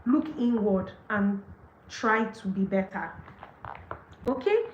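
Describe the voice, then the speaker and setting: A woman's voice: medium pitch, lively intonation, slow pace, reverberant, a little hiss or hum, low-quality recording. A young adult woman with a Nigerian accent, hosting a book session and commenting emphatically on what she reads, often laughing and acting out quoted excuses. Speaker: book discussion host. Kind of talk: live session reading and commenting on a marriage book.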